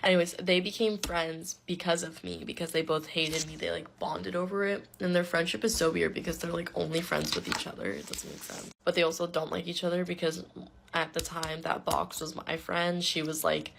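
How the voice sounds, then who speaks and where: Young woman doing a storytime, low and fry-heavy, super chatty and blunt, swears a lot. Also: moderate pace, background noise. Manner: chatty and blunt, swears freely, many "like" fillers. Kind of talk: casual storytime.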